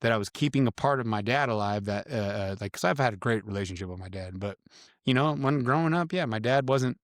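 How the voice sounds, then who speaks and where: A man's voice: mid-range voice, fast, no echo, clean studio sound. Slangy profane man telling stories. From Grass Valley, California. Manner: profane, slangy storytelling full of dude and bro. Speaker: podcast guest. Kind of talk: casual podcast chat.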